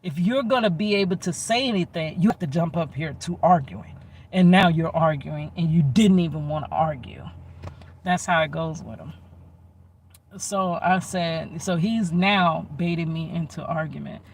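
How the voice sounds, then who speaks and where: A man telling a personal story in an animated way, acting out both sides of arguments and repeating himself for emphasis. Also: on the high side, moderate pace. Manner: emphatic and repetitive. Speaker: storytelling vlogger. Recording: distant mic with faint background noise.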